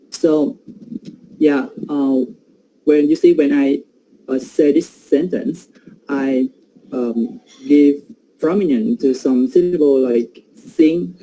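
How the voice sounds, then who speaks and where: A man's voice: mid-range voice, slow pace, dark tone, slight background noise, poor audio. A man giving an academic presentation on pronunciation, hesitant and full of fillers.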